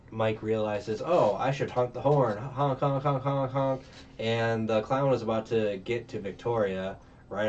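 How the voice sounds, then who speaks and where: A man's voice: on the low side, a little mellow. A man casually recapping a movie plot, rambling with lots of ums and uhs and acting out the characters' lines. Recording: distant, muffled mic with faint noise.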